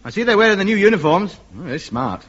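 An actor playing a vain, self-important comedian who blusters and fusses, in a 1950s radio comedy. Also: male voice, high voice, very animated, fast talker, crowd noise. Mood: blustering. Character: vain, pompous male comedian, easily flustered. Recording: dull old radio recording with faint hiss.

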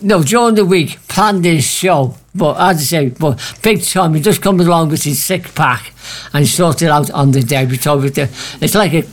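A man's voice: fairly high pitch, moderate pace. A man hosting a local radio show, teasing his co-host and laughing as he talks. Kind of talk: casual banter on local radio.

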